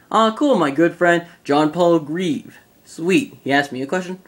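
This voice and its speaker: Rambling excitable young man, roomy sound. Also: a little high, slow pace, distant mic. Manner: rambling, excitable, lots of fillers and restarts. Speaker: YouTuber answering fan questions. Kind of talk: casual vlog chat. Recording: roomy sound, away from the mic.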